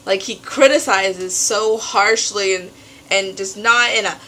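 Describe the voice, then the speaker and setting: A teenage girl vlogging at home, telling a story in an animated way and acting out what others said. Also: mid-range voice, a little slow, poor audio. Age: teens. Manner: animated storytelling, acts out quotes. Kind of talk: casual venting vlog.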